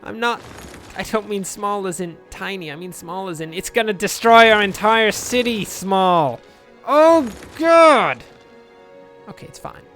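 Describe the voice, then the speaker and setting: A man's voice: high voice, normal speed, fairly bright tone, faint music behind. A man giving casual, rambling commentary over a city-building game, joking dryly at his own expense. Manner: dry, rambling, self-mocking humor. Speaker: let's play commentator.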